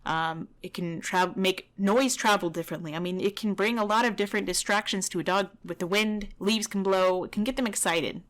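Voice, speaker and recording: A woman's voice: medium pitch, a little fast, few pauses. A woman dog trainer giving blunt, heated reaction commentary over a video, swearing at times.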